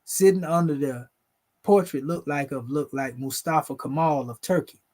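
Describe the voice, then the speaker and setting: Male host, relaxed explanatory chat over images, slightly higher-pitched, calls his audience family. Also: normal speed. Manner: conversational, addresses viewers as family. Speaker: video host presenting photos. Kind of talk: casual explanatory talk over pictures.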